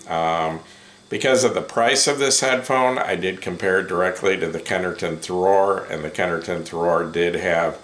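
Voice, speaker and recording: A man giving a casual first-impressions review of headphones, unhurried and full of ums and self-corrections. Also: deep voice, a bit bright. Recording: roomy echo.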